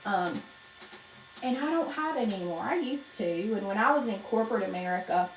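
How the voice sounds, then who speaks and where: A woman's voice: medium pitch, animated, a little fast, a little hiss or hum, low-quality recording. A woman from North Carolina with a Southern accent, chatting casually while teaching wreath making on a live stream and greeting viewers by name. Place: home craft room.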